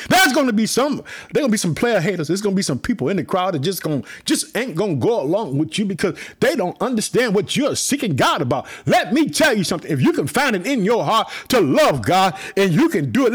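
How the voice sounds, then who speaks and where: A fired-up man preaching a sermon. His voice sits very high and swings wildly up and down, breaking into shouts as he repeats his catchphrases. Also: husky. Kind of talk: fiery sermon.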